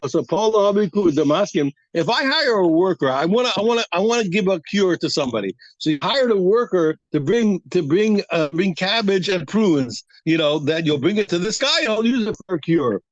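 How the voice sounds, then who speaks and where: Animated high-voiced Talmud teacher. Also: male voice, no room sound, highs cut off. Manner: animated, acts out both sides of the argument with halting restarts. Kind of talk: daf yomi Talmud class.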